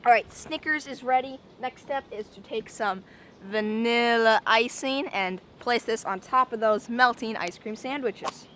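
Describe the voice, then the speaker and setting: A woman's voice: a little high, unhurried, fairly bright tone, slight background noise. A young woman making a casual daily vlog, chatty and rambling, often repeating herself and saying "like". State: out of breath. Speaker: vlogger.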